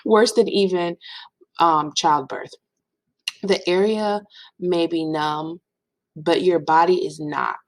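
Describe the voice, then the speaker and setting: A young woman in her twenties telling a storytime in casual chat, animated and dramatic. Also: slow, long pauses, no room sound, poor audio. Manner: animated, dramatic, swings into playful high voices for quotes. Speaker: vlogger.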